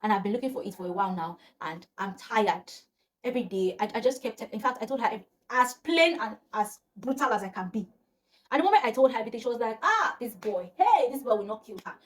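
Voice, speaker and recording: Young nigerian woman doing a storytime vlog, higher voice, acts out everyone's lines, goes quiet and mutters sometimes. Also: fast talker. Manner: animated, acts out quoted voices, often drops to a low murmur. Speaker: storyteller vlogger. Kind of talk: casual storytime chat.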